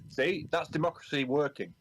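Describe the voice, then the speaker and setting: A man's voice: fairly high pitch, moderate pace, a bit bright. A man chatting casually as a player at a tabletop game, joking and agreeable.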